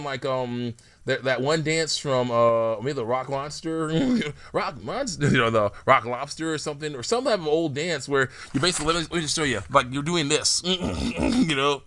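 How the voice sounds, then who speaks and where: A man's voice: a little high, a bit bright, no echo. A young man casually rambling about the game characters he makes, laughing often and restarting his sentences. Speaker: hobbyist game-character maker.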